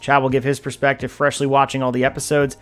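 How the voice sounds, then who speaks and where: A man hosting a casual wrestling podcast, energetic as he hypes and plugs upcoming shows. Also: medium pitch, quick pace, faint music behind. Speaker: podcast host.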